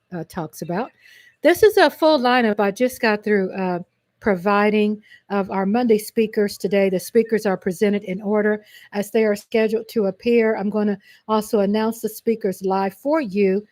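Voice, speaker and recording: A woman from Texas with a Texan accent, hosting a casual livestream, reading out a list of names in a chatty, excitable way and correcting her own stumbles. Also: mid-range voice, moderate pace, dry recording. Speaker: livestream host.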